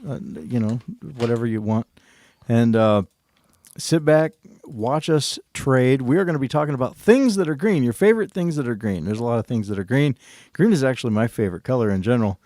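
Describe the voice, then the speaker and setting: A man's voice: mid-range voice, lively intonation, brisk, warm tone, no echo. A middle-aged man co-hosting a live trading stream, chatting in a jokey, playful way with many fillers. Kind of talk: casual live-stream chat.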